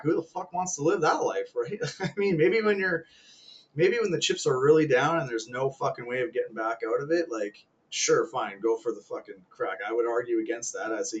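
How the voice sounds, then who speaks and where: A man's voice: a little high, poor audio. A man in his thirties ranting casually to camera, rambling, swearing a lot and laughing at his own jokes. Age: 30s. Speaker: vlogger. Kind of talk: casual rant.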